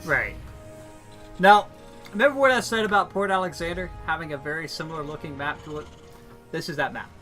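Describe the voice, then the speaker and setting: A man's voice: a little high, a little fast, long pauses, bright, forceful tone, soft background music. A man doing playful, teasing play-by-play esports commentary. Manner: playful, teasing, laughs often. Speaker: esports caster.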